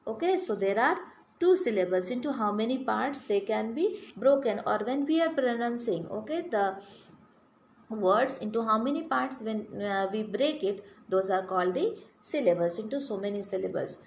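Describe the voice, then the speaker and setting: A woman's voice: fairly high pitch, animated, moderate pace. A woman teaching a grammar lesson to children, spelling words out letter by letter and asking the class questions. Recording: echoey room with faint background noise.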